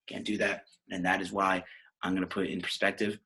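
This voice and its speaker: Husky low-voiced brash podcast host. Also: male voice, level tone, fairly quick, sharp tone. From New York. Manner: brash, profane, rambling. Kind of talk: casual podcast rant.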